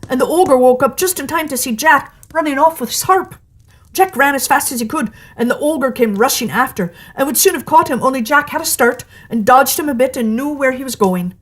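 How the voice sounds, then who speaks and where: A woman storyteller reading a fairy tale aloud with lively, expressive delivery. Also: high-pitched, brisk.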